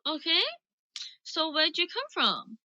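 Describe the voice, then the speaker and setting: A young woman with a Birmingham accent, hosting a livestream and chatting casually with callers in short, relaxed answers. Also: high-pitched, slow pace, no echo, highs cut off. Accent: Birmingham English. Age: young adult. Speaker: livestream host.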